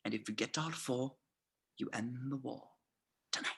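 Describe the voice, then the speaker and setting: A script reader voicing a cunning, smooth-talking male SS colonel in a theatrical, mock-polite way, swinging between hushed and loud. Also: medium pitch, normal speed, exaggerated voice. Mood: scheming. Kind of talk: amateur script reading.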